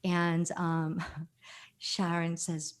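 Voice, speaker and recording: Fifty-something woman from jersey, lowish voice, chatty and animated, lots of ums while she tells a story. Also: extremely slow, clean tone. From New Jersey. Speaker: podcast guest. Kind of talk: casual storytelling.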